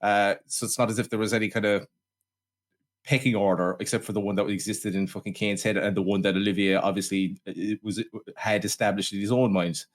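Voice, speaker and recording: A man co-hosting a casual film podcast, sardonic and quick to swear. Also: lowish voice, little pitch movement. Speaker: podcast co-host.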